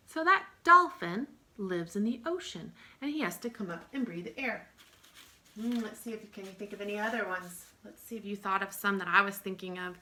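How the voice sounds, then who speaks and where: A woman's voice: mid-range voice, animated, moderate pace, sharp tone. A woman teaching young children, in a sing-song voice, stretching out sounds and sometimes dropping to a whisper. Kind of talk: early-years lesson.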